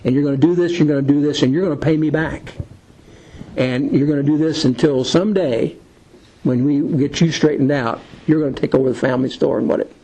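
Man doing a stern, deliberate older father from a film; gravelly, husky delivery. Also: on the high side, steady tone, dark tone, rough recording. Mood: firm. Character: stern aging father laying down a plan.

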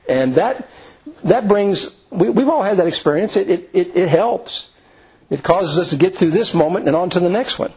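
A man's voice: high voice, animated, moderate pace, darkish tone, breathy edge, highs cut off. A man preaching a conversational sermon in an earnest, folksy way, with frequent restarts and asides to the congregation. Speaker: pastor.

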